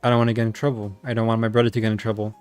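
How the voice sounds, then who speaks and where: Brief: a man doing a sharp-tongued, defensive young woman for a visual novel, sarcastic and self-mocking, in a flat, steady tone with a dry, close sound. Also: on the low side, racing, clean tone, no echo, soft background music, close to an everyday voice.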